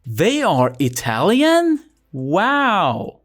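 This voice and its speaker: Young male tutor, chatty and playful, slightly high voice with lively swings, over light music. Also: extremely slow. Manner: playful, chatty, asks rhetorical questions. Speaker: language teacher. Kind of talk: scripted lesson narration.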